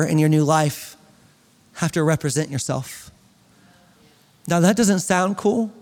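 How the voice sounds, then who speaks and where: A man preaching a sermon to his congregation in a church, energetic and building to near-shouts. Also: high-pitched. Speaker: pastor. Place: church sanctuary. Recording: long reverb of a hall.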